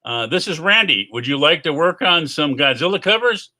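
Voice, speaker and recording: A man's voice: sing-song, normal speed, sharp tone, exaggerated voice. A man putting on the voice of a cheerful male comics editor calling on the phone, in a chirpy, raised tone. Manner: high, chirpy phone-call impression.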